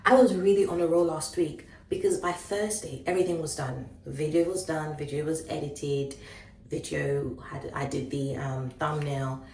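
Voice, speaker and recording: Low-voiced woman venting to her phone camera. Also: steady tone, normal speed, darkish tone, reverberant, distant mic, rough recording. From Ghana. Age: late 20s. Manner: frustrated venting, chatty and candid. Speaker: vlogger. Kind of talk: casual vlog talk to camera.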